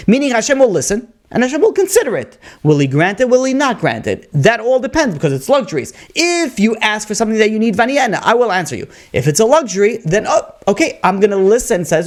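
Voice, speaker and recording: A man, a rabbi, giving a Torah lecture, telling stories with animated emphasis and weaving Hebrew and Yiddish terms into his English. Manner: animated storytelling, rising pitch for emphasis.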